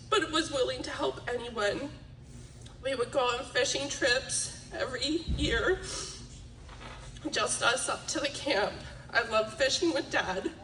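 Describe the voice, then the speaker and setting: A young woman reads a eulogy, her fairly high voice catching between laughter and tears. She sounds a little away from the mic, and the room around her rings with echo. Faint ambience sits underneath. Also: a bit bright, a little hiss or hum. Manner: emotional, laughing through tears. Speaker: daughter giving a eulogy. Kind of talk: reading a memorial speech. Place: memorial gathering hall. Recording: echoey room, mic from a distance.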